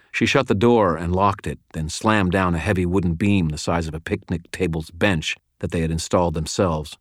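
A man reading first-person fiction aloud in a measured, steady storytelling delivery. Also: deep voice, no echo, studio quality. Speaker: audiobook narrator.

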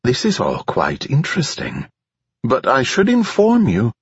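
A man reading an audiobook voices a polite, precise flying AI drone, in a much higher voice than his own, slightly husky. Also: wildly swooping pitch, measured pace, no echo, full character voice. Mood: formal. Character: calm formal flying AI drone, genderless. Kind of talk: audiobook character voice. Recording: slightly dull lo-fi recording.

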